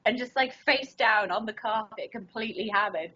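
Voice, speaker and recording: A young woman tells her stories in loose, chatty podcast talk, laughing often and acting out the quotes. Her voice sits a little high, with a breathy, husky edge. The recording is muffled and lo-fi. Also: moderate pace, few pauses, pushed and bright. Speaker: podcast co-host. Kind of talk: casual storytelling chat.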